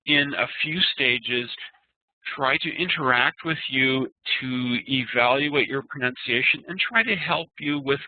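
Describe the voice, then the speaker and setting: A man teaching an online class, explaining terms and slowly chanting Sanskrit verses. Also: medium pitch, no room sound. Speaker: Ayurveda teacher. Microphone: video call. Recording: tinny phone-like web call audio.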